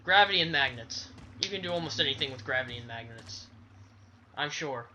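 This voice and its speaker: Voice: medium pitch, expressive, fast, bright, forceful tone, a little hiss or hum, poor audio. Rambling sarcastic game commentator. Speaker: let's play commentator. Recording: game music behind the voice. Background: game music.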